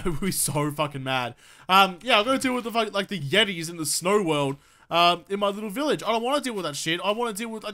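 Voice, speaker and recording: A man's voice: high-pitched, pushed and bright. A man giving let's play commentary, swearing constantly and ranting in exasperation while talking back to game enemies. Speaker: gaming video creator.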